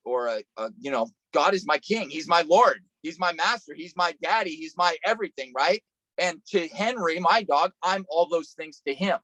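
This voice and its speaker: A man's voice: medium pitch, fairly bright tone, no echo, low-quality recording. A man preaching a sermon over a video call, telling a story in an earnest way and often repeating and restarting phrases. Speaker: pastor.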